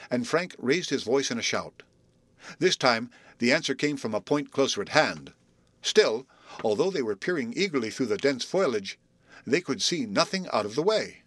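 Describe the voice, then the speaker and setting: A man narrating a storybook reading in an expressive, measured way. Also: medium pitch, dry recording.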